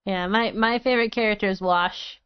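A woman's voice: mid-range voice, steady tone, normal speed, clear, resonant tone, no room sound. Gushing woman in casual chat. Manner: enthusiastic, swears casually, many restarts. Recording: dull lo-fi, dry sound.

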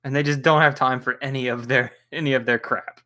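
Bright-voiced man in animated chat. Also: mid-range voice. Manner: laughing, animated, acts out quotes in quick impressions. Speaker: podcast co-host. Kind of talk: casual chat.

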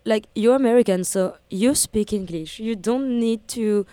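Young french woman, strong french accent, radio guest, mellow warm tone, relaxed and hesitant. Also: fairly high pitch, a little slow, clear, resonant tone, dry recording. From France. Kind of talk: casual interview.

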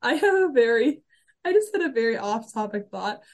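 A woman co-hosting a casual fan podcast, excitable and full of restarts, laughing as she talks. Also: fairly high pitch, brisk. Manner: excited, restarts often, laughs while talking. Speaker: podcast co-host.

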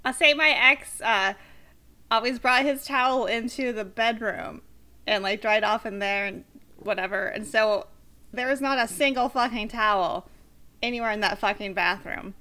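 Bright-voiced woman in casual chat. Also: on the high side, normal speed. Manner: laughing, blunt, swears casually. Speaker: podcast co-host.

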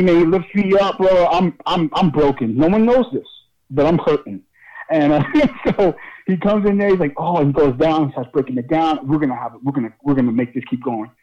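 Excitable wrestler spinning a lively tale. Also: male voice, on the high side, a little fast, highs cut off. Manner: swearing, laughing, lively storyteller. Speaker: pro wrestler guest. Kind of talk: casual storytelling interview.

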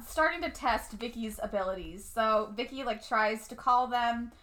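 A woman's voice: a little high, moderate pace, fairly bright tone. A woman co-hosting a casual chat, retelling plot points with sarcastic, blunt asides. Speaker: co-host.

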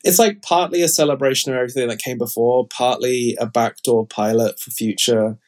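A man talking casually on a podcast, rambling along with lots of fillers and restarts. His voice sits at an ordinary middle pitch for a man. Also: brisk, a little mellow. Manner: chatty, rambling, frequent fillers. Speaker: podcast co-host. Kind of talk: casual chat.

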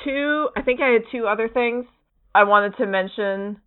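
Podcast co-host, giddy comics chat, filler-heavy rambling, phone-quality audio, mid pitch. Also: normal speed, clean tone. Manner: rambling and excited, many fillers, acts out characters' lines. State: giddy, laughing through words. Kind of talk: casual chat. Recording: tinny phone-like line.

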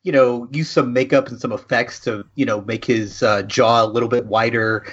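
A man's voice: mid-range voice, fairly even intonation, moderate pace, slightly rough. A man hosting a podcast, chatting casually and laughing easily as he jokes around. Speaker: podcast host. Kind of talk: casual chat. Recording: slightly dull, lo-fi sound.

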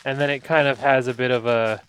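A man's voice: medium pitch, fairly even intonation, fairly quick, a bit bright, smooth. A man co-hosting a casual podcast chat, prone to giggles and crude jokes, often restarting his sentences. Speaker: podcast co-host.

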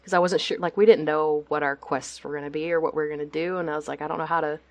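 A woman from Texas, a guest on a podcast over a video call, chatting casually with lots of fillers and quick laughs. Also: deep voice, fairly even intonation, no room sound. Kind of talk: casual chat.

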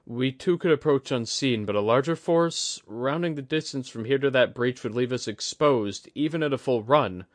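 A man's voice: medium pitch, moderate pace, hardly any pauses, no room sound, clean studio sound, voice pushed up, lightly acted. A man doing a nervous, formal scout. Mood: worried. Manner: formal, anxious.

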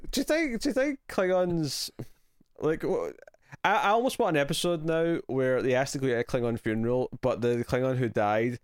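Chatty Scottish man, quick to laugh. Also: mid-range voice, clear, resonant tone, no echo, clean studio sound. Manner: animated, laughs often, many restarts. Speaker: podcast co-host. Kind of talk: casual chat reviewing a TV episode.

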